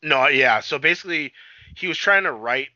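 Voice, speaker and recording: A man in casual chat, excitedly retelling a TV episode, swearing freely. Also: fairly high pitch, normal speed, dry recording, muffled recording. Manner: excitable, profane, retells scenes with acted-out quotes.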